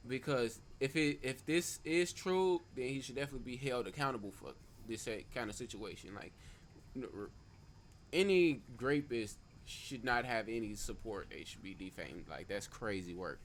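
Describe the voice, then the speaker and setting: A man's voice: medium pitch, animated, moderate pace, a little hiss or hum. A man hosting a stream, reacting to a clip with emphatic, profane commentary that repeats phrases for stress.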